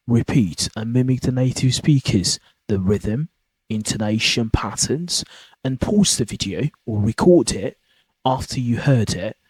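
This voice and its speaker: Husky-voiced man giving a lesson. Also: medium pitch, no room sound, poor audio. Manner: rambling, many fillers and restarts. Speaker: podcast host teaching pronunciation. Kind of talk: informal spoken lesson.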